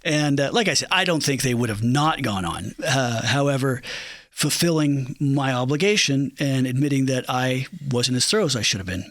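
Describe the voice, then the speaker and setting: A man's voice: mid-range voice, normal speed, no room sound. A man in an interview, telling backstage stories and acting out the lines of the people in them, with plenty of ums and uhs. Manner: animated storyteller, acts out quotes, many fillers. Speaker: entertainment director. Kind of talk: storytelling in an interview.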